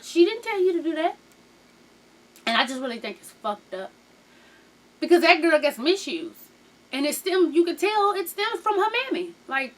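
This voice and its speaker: Woman vlogger with a high voice, sassy and cussing, gossiping through a tv recap. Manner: sassy, profane, animated storytelling with impressions.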